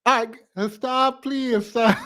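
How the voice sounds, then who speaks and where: This man, closing out his live stream with easygoing chatter, is emotional and appreciative, his words catching as he fights back tears. The pitch is fairly high.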